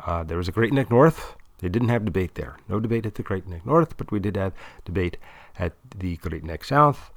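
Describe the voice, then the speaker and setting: A man's voice: deep voice, moderate pace, few pauses, no room sound. A man voicing a chatty former debater in a mock Irish accent that drifts toward other British Isles sounds. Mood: excited. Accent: mock Irish, mixed with other British Isles sounds. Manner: rambling, excited storytelling.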